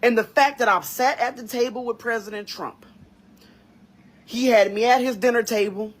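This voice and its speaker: A man giving an emotional reaction monologue, fighting back tears, slow and halting with sighs and pauses. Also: extremely high pitch, steady tone. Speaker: vlogger reacting to news.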